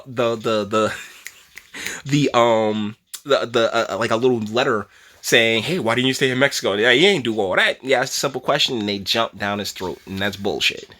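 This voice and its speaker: A man hosting a casual opinion commentary video, rambling with restarts and asides and laughing between phrases. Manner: animated, pitch jumps high when worked up, drops low and quiet when serious. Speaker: commentary channel host.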